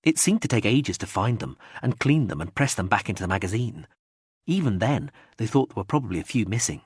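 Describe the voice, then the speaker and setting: Male audiobook narrator, husky and dry, measured reading with animated pitch. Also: no room sound. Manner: measured reading, acts out quoted speech in raised voices. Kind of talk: scripted narration.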